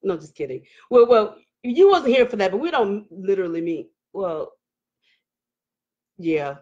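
A woman's voice: mid-range voice, a little slow, highs cut off. A middle-aged woman, hosting a casual live stream, reading viewer comments, laughing and talking with emotional outbursts. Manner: animated, laughing, emotional outbursts, Southern Black vernacular phrasing.

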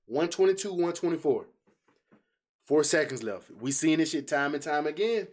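A man with a somewhat high-pitched voice hosts a casual reaction video. He is excitable and slangy, breaking into swears and calling out to his viewers as he comments on the game. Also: moderate pace. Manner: excitable, blurts and swears freely; slangy, talks straight to viewers.

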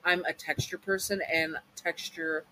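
Halting, apologetic man reading a story. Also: a little high, level tone, bright, forceful tone, a little hiss or hum, rough recording. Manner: halting, with frequent restarts and apologies. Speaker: fan fiction storyteller. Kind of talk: casual read-aloud story.

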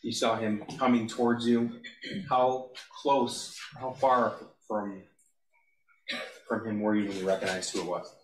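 A man questioning a witness in a courtroom, with measured, methodical questions. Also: on the low side, fairly even intonation. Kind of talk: courtroom examination. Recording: roomy courtroom audio, distant mic, faint hiss.

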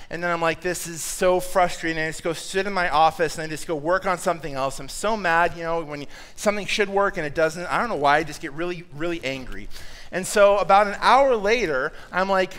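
A man delivers a sermon in a church, his voice sitting high and ringing out clean and smooth. He tells stories in a conversational, self-deprecating way, dropping in quick asides to the congregation. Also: fairly bright tone. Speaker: pastor.

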